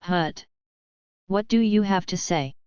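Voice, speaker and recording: A woman voicing a cold, ruthless male Sith lord in a storybook reading, speaking low with an icy calm. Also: slow pace, clear, resonant tone, dry recording, lightly acted. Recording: slightly dull, dry sound.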